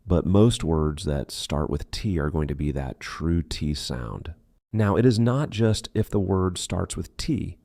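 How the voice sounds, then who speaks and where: A man reading aloud an English pronunciation lesson in steady narration. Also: low voice, a little slow, dry recording, studio quality.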